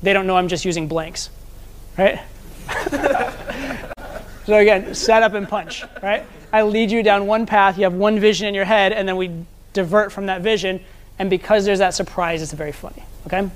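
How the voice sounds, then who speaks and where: A man's voice: sits high, flat delivery, brisk, slight background noise. Man lecturing a seminar, conversational. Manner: conversational teaching, checks in with the audience. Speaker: dating and social skills coach.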